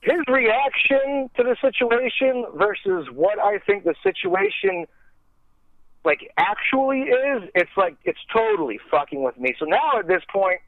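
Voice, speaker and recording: A man's voice: very high-pitched, sing-song, unhurried, gravelly, no echo. A man telling a rambling, profane, self-deprecating story in a casual way, full of "like" and restarts. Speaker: podcast guest storyteller. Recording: tinny phone-like line, dry.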